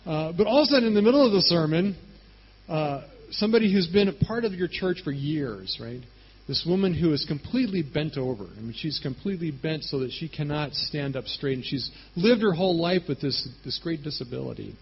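Male pastor, slightly high husky voice, chatty storytelling sermon, dull lo-fi recording. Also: a little fast. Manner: conversational, animated storytelling with frequent "right?".

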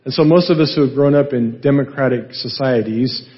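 A male pastor teaching a Bible passage in a relaxed, conversational way, asking rhetorical questions and often adding "right?". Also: medium pitch, brisk, highs cut off.

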